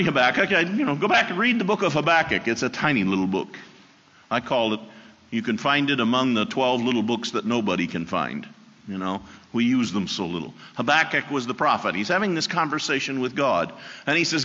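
Man preaching a lively sermon in a reverberant hall. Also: mid-range voice. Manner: animated storytelling, acting out voices, drops soft and slow for key lines. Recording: dull sound with long hall reverb.

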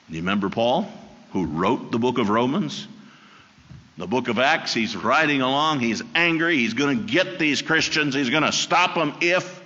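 A man preaching a sermon, telling the story with animated voices and dropping soft and slow for key lines. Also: lowish voice, husky. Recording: dull sound with long hall reverb.

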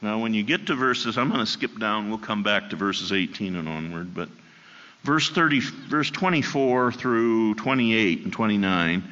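A man preaching a sermon, telling the story with animated voices and dropping soft and slow for key lines. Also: lowish voice. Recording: dull sound with long hall reverb.

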